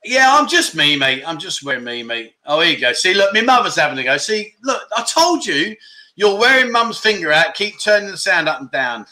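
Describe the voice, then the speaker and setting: A middle-aged man hosting a casual livestream chat show, reading out viewer comments in an animated, exclamatory way. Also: high-pitched, brisk. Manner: animated and exclamatory, with loud catchphrases.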